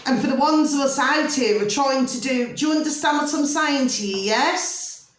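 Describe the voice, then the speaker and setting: A woman's voice: high-pitched, moderate pace. A woman talking emphatically to camera in a casual rant, repeating questions to her viewers. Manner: repetitive, keeps asking "do you see what I'm saying"; emphatic, peppered with "flipping". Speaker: video blogger. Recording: echoey room.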